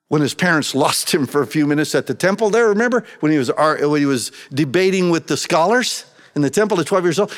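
A preacher in a reverberant hall, slightly high voice. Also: male voice. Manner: conversational, acts out quoted voices, swings from soft to loud. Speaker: pastor. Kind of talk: sermon.

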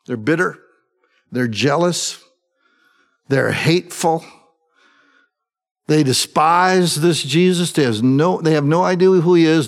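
A man preaching a sermon, talking in a conversational way and dropping in quick asides. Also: medium pitch, gravelly. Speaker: pastor.

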